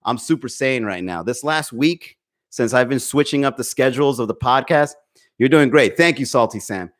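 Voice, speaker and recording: A man's voice: mid-range voice, lively intonation, normal speed. A man hosting a live comedy podcast, ranting profanely and greeting chat viewers by name. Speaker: podcast host. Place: home. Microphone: desk microphone.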